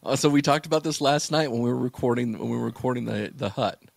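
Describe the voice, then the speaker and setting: A podcast host with a medium-pitched, fast, vocal-fry voice tells loose, rambling stories, full of fillers and restarts. The recording has no echo.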